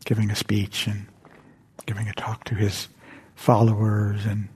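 An older man giving a dharma talk at a meditation center, telling stories in a halting, gentle way that often drops to a whisper. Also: on the low side, completely flat delivery, breathy edge. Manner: gentle, halting storytelling with frequent whispered asides. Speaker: meditation teacher.

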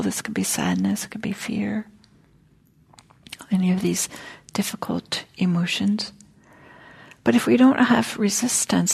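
A woman teaching a dharma talk at a meditation hall, speaking gently and reflectively, often dropping near a whisper, with casual fillers. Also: medium pitch, gravelly, breathy edge.

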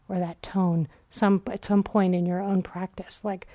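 A woman's voice: mid-range voice, level tone, a little slow, dark tone. A woman meditation teacher giving a dharma talk at a retreat center, telling stories reflectively and acting out quoted inner voices.

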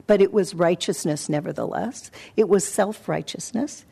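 A woman meditation teacher giving a dharma talk, telling a personal story in a reflective, halting way with soft pauses. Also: mid-range voice, gravelly, breathy edge. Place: meditation center hall.

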